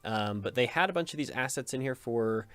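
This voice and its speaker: A man's voice: medium pitch, animated, a little fast, a bit bright, clean tone. A man hosting a gaming video in casual let's play commentary, joking and rambling, often cutting himself off with a chuckle.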